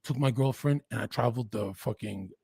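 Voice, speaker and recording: A husky-voiced man from western Canada speaks as a podcast guest, recounting his life in an intense, rapid-fire, profane rush. The recording is close and dry, with no room sound. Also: mid-range voice, mellow, no echo. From Lower Mainland, Canada. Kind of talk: candid storytelling in an interview.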